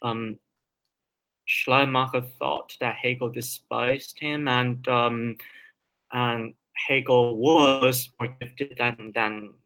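A man speaking as an interviewed scholar, in no hurry at all and with a clear, bright edge to his voice. He hesitates often, filling pauses with ums and repeating words as he searches for his phrasing. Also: medium pitch, steady tone, low-quality recording. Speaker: guest scholar. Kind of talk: interview discussion.

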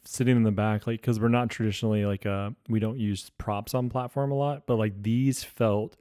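Upbeat lower-voiced male podcast host. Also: steady tone, normal speed, mellow, no echo, clean studio sound. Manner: upbeat, filler-heavy, self-deprecating. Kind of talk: casual church podcast chat.

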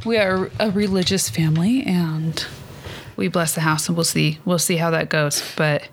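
A woman in her thirties co-hosting a podcast in casual chat, telling a story in an animated way and acting out quotes with laughter. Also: lowish voice, moderate pace, slight background noise. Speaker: podcast co-host.

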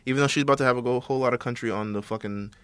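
A man's voice: mid-range voice, very fast, clear, resonant tone, dry recording. A man co-hosting a podcast, trading profane, joking banter in casual chat. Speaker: podcast co-host.

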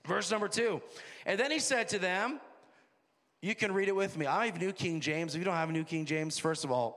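A high-voiced man preaching in a reverberant hall, his voice rough with a gravelly edge. He moves between quiet, joking asides and shouted rallying calls. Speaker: pastor. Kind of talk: sermon.

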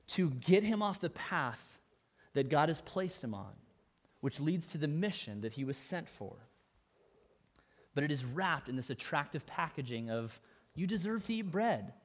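A man preaching a sermon, talking in an easy, conversational way, with emphatic stresses and dry humorous asides. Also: a little high. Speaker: pastor.

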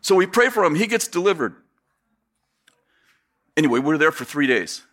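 A male pastor telling a story from the pulpit, jumping into quick impressions of the people in it and tripping over his own restarts. His voice sits fairly high and sounds bright and forceful. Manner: animated storyteller acting out dialogue, many fillers and restarts. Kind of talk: sermon with storytelling.

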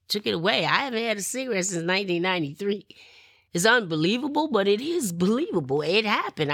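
A woman tells her personal testimony in an interview. Her voice sits low but rings bright and forceful, and she acts out the people in her story as she goes. The sound is dry and close, with no room around it. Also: no room sound.

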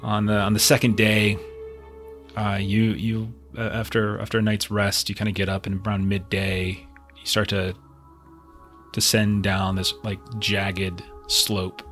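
A man's voice: lowish voice, flat delivery, a little slow, fairly bright tone, faint music behind. A man narrating as game master of a tabletop game, describing scenes in a loose, meandering way with many fillers.

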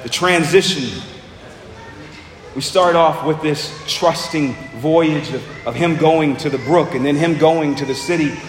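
A man's voice: fairly high pitch, a little slow. A man preaching a sermon as pastor, earnestly reading scripture and then explaining it to the congregation. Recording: echoey hall with long reverb.

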